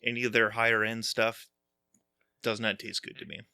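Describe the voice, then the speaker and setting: A man chatting as a podcast guest, giving short and matter-of-fact replies. His voice sits low yet sounds bright and forceful, recorded dry and close. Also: little pitch movement, normal speed, vocal fry, clear, resonant tone, no echo. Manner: terse, matter-of-fact answers. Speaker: guest whiskey collector. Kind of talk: casual chat.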